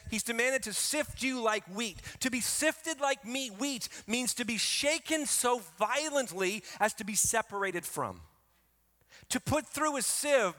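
Male pastor, high bright voice, emphatic sermon delivery, long hall reverb. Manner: emphatic preaching, swings between soft and loud.

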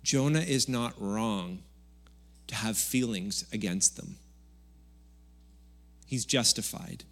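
During a church service, a man delivers his Sunday sermon slowly in a lowish voice. As pastor, he keeps it chatty and jokey, though he sometimes erupts into loud bursts.

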